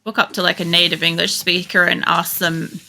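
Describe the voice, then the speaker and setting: Gravelly Australian woman gaming. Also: lowish voice, little pitch movement, a little fast, pushed and bright. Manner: rambling, chatty, swears freely. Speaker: game streamer. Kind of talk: casual chat while playing. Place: home computer setup.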